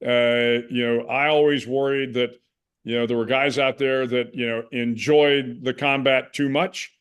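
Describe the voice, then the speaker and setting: A man in his sixties from the United States, a guest in a conversational interview, speaking in a measured, reflective way with frequent restarts. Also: medium pitch, little pitch movement, fairly bright tone, smooth. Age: 60s.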